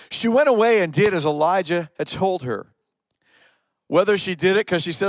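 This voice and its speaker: A man's voice: sits high, animated, moderate pace, dry recording. A man preaching a sermon, retelling stories and pressing his points with rising emphatic questions. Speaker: pastor.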